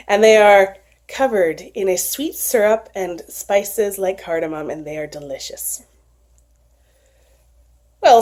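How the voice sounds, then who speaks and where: Animated woman telling a folktale. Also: medium pitch. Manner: expressive, animated storytelling. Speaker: storyteller. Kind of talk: folktale storytelling.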